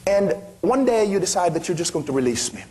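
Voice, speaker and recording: Impassioned man speaking to a crowd, higher-pitched. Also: sing-song, a little fast, a little mellow. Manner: impassioned, rhetorical questions, sweeping pitch swings. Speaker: motivational speaker. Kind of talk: motivational speech to an audience.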